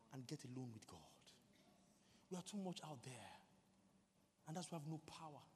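A man preaching a sermon, switching between earnest teaching, stammering mimicry and quiet prayer in tongues. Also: fairly high pitch, in a large hall, slight background noise.

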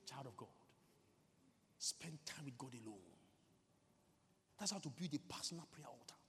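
A man preaching a sermon, switching between earnest teaching, stammering mimicry and quiet prayer in tongues. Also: fairly high pitch, big-room sound, a little hiss or hum.

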